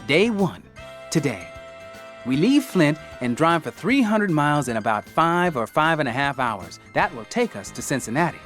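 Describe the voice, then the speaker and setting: A man reading an audiobook voices a practical mother briskly reading out a travel plan. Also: on the high side, very animated, fairly bright tone, faint music behind. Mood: practical planning. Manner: brisk, matter-of-fact, list-reading. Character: organized, practical mother planning a family trip.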